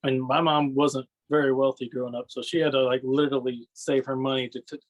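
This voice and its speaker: A man's voice: medium pitch, flat delivery, brisk. A man guesting on a podcast, rambling through stories in casual chat, often adding "you know what I mean" and laughing. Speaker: podcast guest, wrestling fan.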